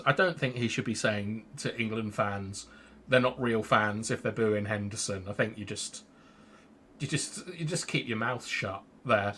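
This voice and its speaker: A man's voice: medium pitch, pushed and bright, a little hiss or hum. A man co-hosting a casual fan show, giving strong opinions in a rambling way. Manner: opinionated, rambling, restarts sentences. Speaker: fan channel co-host.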